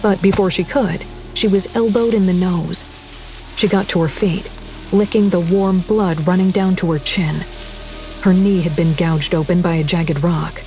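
A woman reading a horror audiobook in a measured, deliberate storytelling voice. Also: fairly low pitch, steady tone, mellow. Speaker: narrator. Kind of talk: scripted horror audiobook narration.

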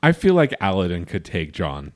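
A man with a very low voice trades deadpan, sarcastic one-liners with his co-host. He speaks in a relaxed, conversational way. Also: normal speed. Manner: dry, sarcastic quips. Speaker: podcast co-host. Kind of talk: casual reality-TV recap chat.

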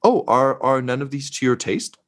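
A man's voice: mid-range voice, lively intonation, moderate pace, voice pushed up, natural voice. A man voicing an eager, fawning female shop attendant in a tabletop game. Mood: puzzled. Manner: effusive, salesy.

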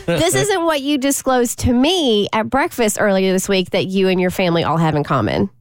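A woman's voice: medium pitch, expressive, moderate pace, faint music behind. A woman co-hosting a radio show, chatting casually and teasing in an amused way. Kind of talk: casual chat.

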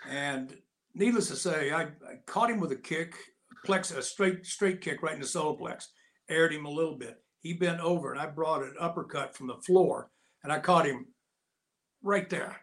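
A man in his sixties, an interview guest telling animated, folksy anecdotes in a casual way. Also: fairly high pitch, normal speed. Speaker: interview guest, actor and Navy veteran.

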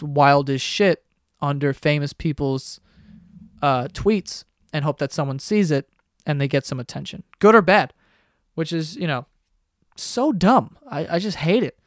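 A man's voice: on the high side, no room sound, studio quality. A man hosting a podcast, ranting casually with lots of swearing and sarcasm. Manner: profane, sarcastic, animated ranting. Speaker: podcast host.

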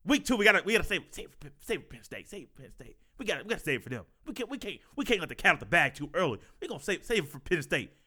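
A man putting on the voice of an excited adult male football coach who talks in stammering, repeated bursts about secret plays. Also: high voice, quick pace, hardly any pauses, slightly rough, heavily acted. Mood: hyped. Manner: repetitive, stammering, hyped.

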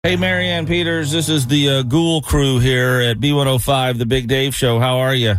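A man's voice: medium pitch, steady tone, moderate pace, a bit bright, smooth, dry recording. Jokey male radio show host. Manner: jokey, self-mocking. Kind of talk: casual radio banter.

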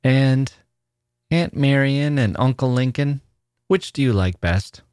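A man voicing a gentle, attentive father who speaks in a coaxing way. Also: mid-range voice, slow, smooth, no echo, studio quality, voice pushed up, lightly acted.

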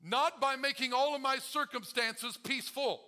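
A man's voice: very high voice, normal speed, bright, forceful tone. A male pastor preaching a sermon to his congregation, calling out to them and acting out the prayers he quotes. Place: church.

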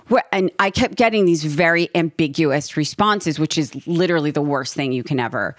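Low-pitched woman, thirties, podcast host recounting a family scare, animated, dry close sound. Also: fairly quick, hardly any pauses, no echo. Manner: emotional, animated retelling with quoted dialogue. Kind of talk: casual storytelling.

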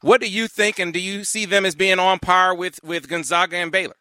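A man's voice: high-pitched, fairly even intonation, brisk, sharp tone, no echo, studio quality. A man hosting a casual interview, asking questions conversationally. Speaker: host.

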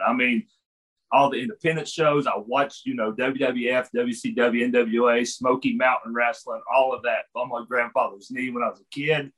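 A man's voice: mid-range voice, low-quality recording. A middle-aged man telling a story in a casual chat, laughing often and acting out the voices of the people in it. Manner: animated, laughs often, acts out voices in his stories. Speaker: podcast guest, former wrestler.

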